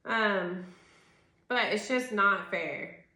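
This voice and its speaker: A woman's voice: medium pitch, extremely slow, bright, forceful tone. Exasperated, swearing woman in an echoey room. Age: 30s. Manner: rambling, exasperated and profane, full of "like". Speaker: tarot reader. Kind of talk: casual tarot reading rant.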